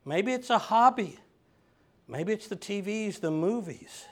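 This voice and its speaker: A man's voice: high voice, expressive, unhurried. A man preaching a sermon, emphatic and direct with his listeners. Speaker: pastor.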